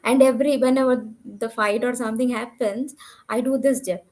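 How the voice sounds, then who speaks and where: A woman's voice: fairly high pitch, steady tone, brisk, a little mellow, rough recording. A woman giving an earnest, candid testimonial about her own growth. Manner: earnest, candid, self-reflective. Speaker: program participant giving a testimonial. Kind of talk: conversational testimonial.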